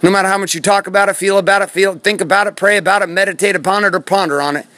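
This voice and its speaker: Male motivational host, high and quick, punchy and preachy, swears to make a point. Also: fairly even intonation, sharp tone, no echo. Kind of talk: motivational monologue. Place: outdoors in a forest. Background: birds and bees.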